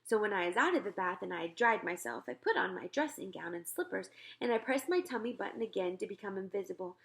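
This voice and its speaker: A woman voicing an excitable, boastful young boy who tells his dream with broken grammar. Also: mid-range voice, fast talker, gravelly. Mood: excited.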